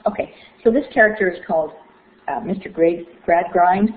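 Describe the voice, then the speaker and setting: A woman's voice: fairly low pitch, normal speed. A woman lecturing on literature, explaining with rhetorical questions and frequent fillers. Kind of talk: recorded lecture. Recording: echoey, phone-like thin sound.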